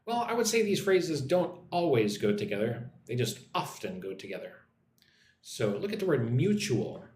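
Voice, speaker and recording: A man teaching English on a live stream, slowly modeling pronunciation and reading viewer comments aloud. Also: medium pitch, very animated, darkish tone, reverberant, a little hiss or hum.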